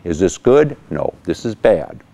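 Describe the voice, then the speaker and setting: A man hosting a weekly legal explainer as an attorney, telling a case as an animated story and acting out the people in it. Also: sits low, unhurried, creaky. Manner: animated storyteller, acts out quotes. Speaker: attorney host of legal segment.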